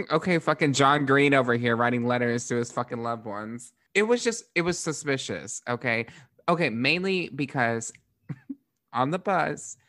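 A young man from Florida, a podcast host, tells stories with lots of energy, swears often and laughs a lot. His voice sits at an ordinary middle pitch. It sounds close and dry, with no room around it. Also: unhurried, dry recording. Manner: animated, profane, laughs often. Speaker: podcast host, drag performer. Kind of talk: casual storytelling.

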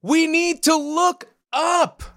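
A young male airship hand yelling urgent commands, as a man puts him on in a high, strained pitch well above his own. He sounds pressed and insistent, pushing his voice to carry across a busy deck in a tabletop adventure. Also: expressive, slow pace, no room sound, clean studio sound, exaggerated voice. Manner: shouting, urgent.

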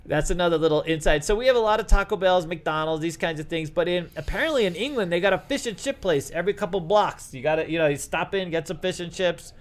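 A middle-aged man with a Boston accent hosts a loose podcast conversation. His voice sits a little high for a man. He rambles, jokes and keeps breaking off his own sentences to start again. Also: fast talker, few pauses. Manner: rambling, jokey, self-interrupting. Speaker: podcast host. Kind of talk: casual chat.

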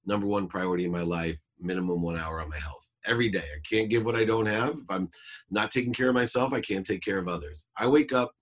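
A middle-aged man with a husky, somewhat breathy voice sits down as a podcast guest. His voice sits low, and he talks in an earnest, reflective way, leaning on points to stress them. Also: fast. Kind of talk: podcast interview storytelling.

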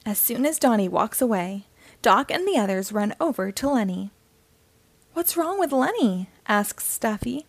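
A woman reading a children's picture book aloud in a gentle, expressive storytelling manner. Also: medium pitch, moderate pace, vocal fry, no room sound. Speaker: storybook reader.

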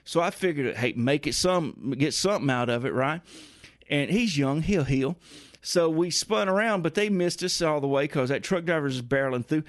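A man's voice: a little high, expressive, normal speed, no room sound, studio quality. A man hosting a radio show, telling a rambling comic story in a folksy way, with grumbling asides. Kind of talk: comedic rambling monologue.

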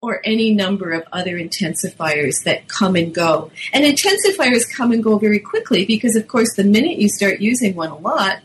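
A middle-aged woman, a linguist, answering interview questions about her book in a lively explanatory way, sometimes acting out quotes. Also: mid-range voice, brisk, hardly any pauses, low-quality recording. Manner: lively, acts out teen quotes. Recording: faint background noise.

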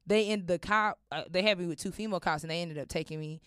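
A woman comedian spins a story with lots of energy, swearing freely as she goes. Her voice comes through smooth and clear, and the studio room sounds dry. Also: fairly low pitch, fast talker, no room sound. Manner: animated, acts out voices in quotes, swears freely. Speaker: comedian guest. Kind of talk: comic storytelling in an interview. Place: recording studio.

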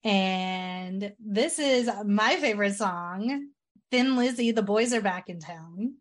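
This is a woman hosting a podcast. Her voice sits in the middle of her range. She retells film scenes in a relaxed, storytelling way. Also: mid-range voice, slow. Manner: storytelling, acts out quotes. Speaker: podcast host. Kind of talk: casual chat, recapping a film.

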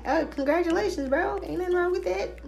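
A woman's voice: very high voice, fairly quick, gravelly, a little mellow, faint music behind. A woman hosting a spiritual podcast alone, ranting in a brash, profane, trash-talking way. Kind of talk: casual solo podcast rant.

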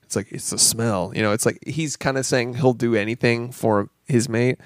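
A man's voice: medium pitch, fairly even intonation, normal speed, no room sound, clean studio sound. A man co-hosting a podcast, rambling casually about a movie with lots of swearing and laughter. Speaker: podcast co-host.

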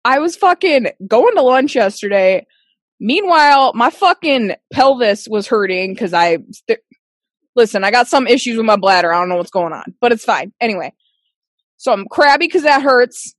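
A woman's voice: a little high, normal speed, no room sound, studio quality. A woman, telling stories in casual podcast chat, cursing freely and acting out what people said. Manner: profane, animated storyteller, acts out quotes.

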